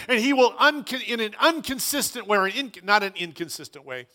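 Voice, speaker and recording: A man's voice: very high voice, expressive, brisk, few pauses, sharp tone. A man preaching a sermon as pastor, earnest and emphatic, often repeating phrases for weight.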